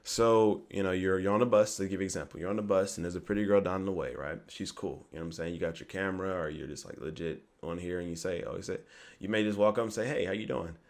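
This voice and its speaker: A man's voice: low voice, fast. A young man giving rambling casual dating advice to camera, often asking "you get me?". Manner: rambling, repeats "you get me", acts out quoted lines.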